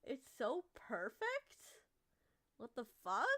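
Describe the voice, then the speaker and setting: A woman's voice: a little high, huge pitch swings, takes it slowly, fairly bright tone. A woman VTuber chatting casually during a game stream, tipsy, playful and boastful as she talks to her viewers.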